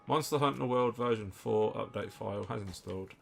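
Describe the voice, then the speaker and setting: A man with a low, gravelly voice holds forth over a video game. He jokes, swears freely and rambles from one tangent to the next in relaxed commentary. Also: normal speed, background noise. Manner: joking, swearing, riffing at length. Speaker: let's-play co-host. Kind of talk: casual gameplay commentary.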